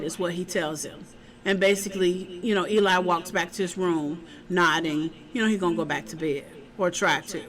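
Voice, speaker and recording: A woman casually recapping a TV episode, chatty and animated, acting out the characters' lines as she retells the scenes. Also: lowish voice, moderate pace, rough recording. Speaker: TV show reviewer.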